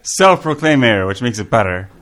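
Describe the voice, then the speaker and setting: A man's voice: mid-range voice, big pitch swings, moderate pace, a bit bright. A man appearing as a guest on a casual comedy podcast, playfully going along with the joke. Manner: playful, goes along with the bit.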